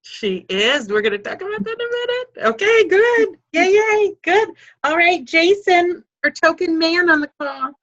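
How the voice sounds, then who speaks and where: Bright, enthusiastic woman hosting a call. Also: extremely high pitch, very animated, normal speed, lo-fi sound. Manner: enthusiastic, encouraging. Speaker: host of a team video call. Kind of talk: upbeat group video call. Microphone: video call.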